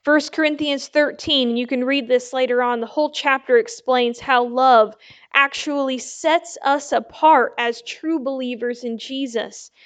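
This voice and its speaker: A woman preaching a sermon, slow and emphatic, asking her listeners "Amen?" between points. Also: sits high, steady tone.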